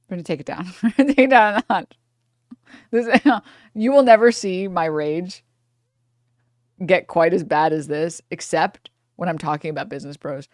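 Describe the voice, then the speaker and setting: A woman's voice: fairly low pitch, no room sound, clean studio sound. A woman streamer giving live reaction commentary in a heated, profane rant.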